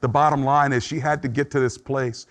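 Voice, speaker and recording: A man's voice: mid-range voice, fairly even intonation, brisk. A man preaching a sermon as pastor, speaking earnestly and conversationally, dramatizing the thoughts he describes.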